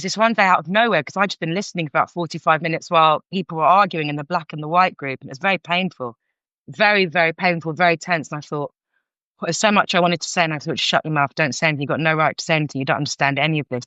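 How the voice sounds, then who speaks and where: A woman's voice: low-pitched, racing, no echo. Middle-aged London woman, frank storyteller with lots of restarts, dry and slightly muffled audio. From North London, England. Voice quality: frank, animated, many restarts. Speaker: guest, counsellor. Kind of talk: candid storytelling. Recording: dull lo-fi sound.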